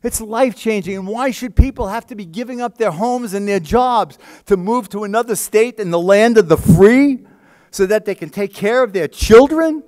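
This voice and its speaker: A man's voice: sits high, normal speed, darkish tone. A man giving an emphatic, conversational scientific talk at a conference, often checking in with the audience.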